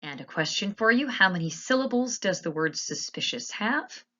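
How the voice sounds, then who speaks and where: A woman teacher narrating a slide lesson, explaining patiently and spelling words out slowly. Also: mid-range voice, expressive, sharp tone, muffled recording.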